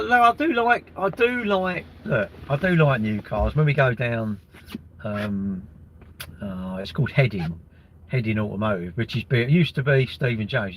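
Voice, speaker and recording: Husky bloke rambling on his livestream, jokey, swears a lot, reads chat. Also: fairly low pitch, normal speed, a bit bright. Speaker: livestream host reading chat. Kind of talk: casual chat.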